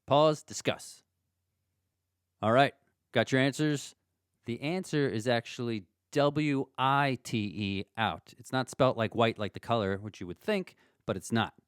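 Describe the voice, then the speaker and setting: A man hosting a podcast trivia game, playful and animated, with ranting asides. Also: medium pitch, a little slow, clear, resonant tone, dry recording, studio quality. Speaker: podcast host.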